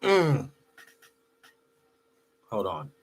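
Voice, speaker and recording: A man hosting a podcast, chatting casually with quick interjections and easy laughter. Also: medium pitch, huge pitch swings, breathy edge. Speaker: podcast host. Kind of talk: casual talk show chat.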